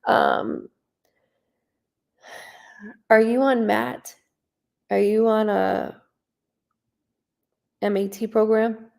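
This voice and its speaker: Woman medium on a live stream, gravelly voice, blunt, swears a lot, talks right at you. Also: on the high side, steady tone, extremely slow, long pauses, a little mellow. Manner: blunt, swears freely, talks straight to the viewer. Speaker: psychic medium doing live readings. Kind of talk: casual live-stream reading.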